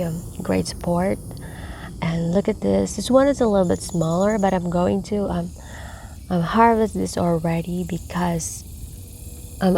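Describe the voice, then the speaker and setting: Woman, vlogger, outdoors, slow pace, gravelly, half-whispered, faint insect noise behind. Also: fairly low pitch. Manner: soft-spoken, slips into whispers, many fillers. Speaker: gardening vlogger. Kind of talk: casual harvest walkthrough. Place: outdoor backyard garden. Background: crickets and insects.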